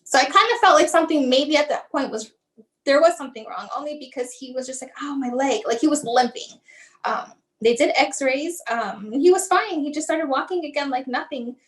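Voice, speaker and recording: A woman's voice: sits high, moderate pace, poor audio. A woman guest telling a personal story about her son, acting out remembered dialogue with frequent "like" and "um". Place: lives in the Tampa area.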